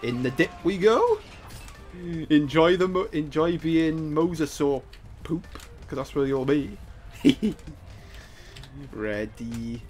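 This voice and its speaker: A gameplay commentator, joking and excitable, breaking into playful sing-song asides as they play. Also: mid-range voice, takes it slowly.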